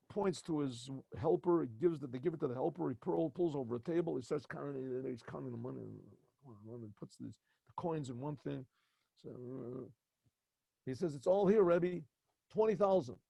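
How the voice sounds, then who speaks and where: A man, a rabbi, telling a story in an animated way, often stumbling and repeating words. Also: medium pitch, moderate pace, gravelly, breathy edge, no echo. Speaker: rabbi teaching at a yeshiva.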